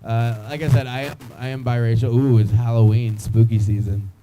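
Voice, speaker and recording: A man's voice: mid-range voice, little pitch movement, moderate pace, mellow, slight background noise, rough recording. A young man doing stand-up comedy in a small club, rambling loosely and teasing the crowd.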